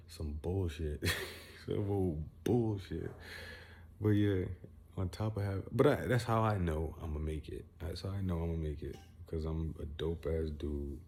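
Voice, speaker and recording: A man's voice: deep voice, mellow. A young man venting at home to his followers in a rambling, boastful, profane monologue. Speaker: vlogger.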